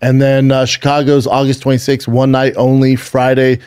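A man's voice: medium pitch, completely flat delivery, moderate pace, darkish tone, clean tone. A man co-hosting a casual podcast, brash and profane, plugging his comedy tour dates.

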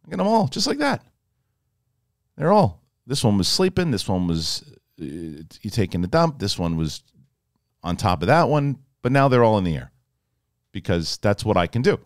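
A man doing a soft, coaxing Jedi mentor. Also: fairly low pitch, big pitch swings, moderate pace, pauses often, no room sound, clean studio sound. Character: calm patient male Jedi mentor.

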